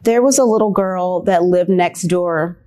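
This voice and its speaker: Slow, reflective woman with a lower voice. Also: mellow. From United States. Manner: slow, reflective, pausing often. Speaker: interviewee telling her story. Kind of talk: personal testimony.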